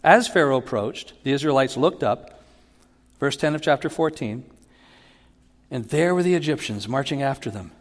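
A man giving a sermon as a pastor, teaching in an animated way and acting out Bible quotes with rising emphasis. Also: mid-range voice, normal speed, long pauses. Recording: long hall reverb.

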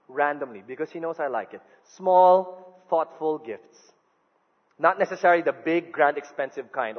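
A middle-aged male pastor, his voice sitting high for a man. He preaches in an animated storytelling way, dropping to a hush for tender quoted lines. The sound is muffled and carries a long hall echo. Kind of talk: sermon.

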